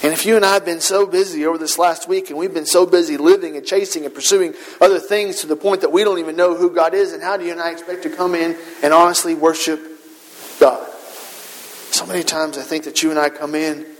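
High-voiced preacher in a reverberant hall. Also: male voice, fairly even intonation, fast. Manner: earnest, rhetorical questions, emphatic repetition. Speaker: pastor. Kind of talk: sermon. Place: church sanctuary.

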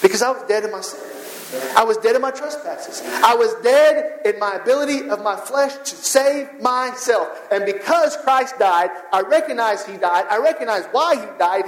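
A man's voice: extremely high pitch, animated, normal speed. A man preaching a sermon, building fervent, repetitive rhetorical runs of short phrases. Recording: echoey hall.

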